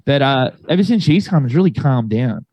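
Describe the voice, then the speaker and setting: A man's voice: mid-range voice, lively intonation, brisk, darkish tone, no echo, low-quality recording. A young man telling a ghost story to friends in a rambling, casual way, full of fillers and swearing.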